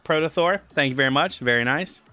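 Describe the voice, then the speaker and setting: A man with a somewhat high, brisk, sharp voice chats casually on a livestream while running a tabletop game, faint music behind him. The game master and streamer rambles, stammers through restarts, and keeps getting sidetracked.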